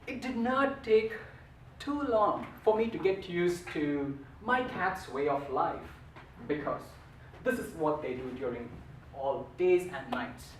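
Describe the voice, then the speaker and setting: A man's voice: high-pitched, expressive, slow, echoey room, far from the mic, a little hiss or hum, rough recording. A man giving a humorous storytelling speech at a contest, with a playful, theatrical delivery. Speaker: contest speaker.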